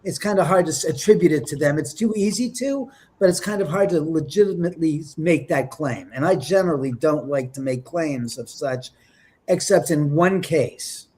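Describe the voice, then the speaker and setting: A man with a slightly high voice recounts his experiences as an interview guest. He tells it with a lot of life, acting out quotes, exclaiming and sometimes dropping to a whisper. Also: normal speed, dark tone. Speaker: paranormal investigator guest. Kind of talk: animated storytelling in an interview.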